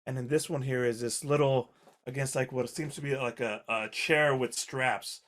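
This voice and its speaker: A man serves as game master for a tabletop game. His voice sits in an average middle register. He describes each scene in halting, rambling bursts with plenty of fillers. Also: mid-range voice, steady tone, a bit bright.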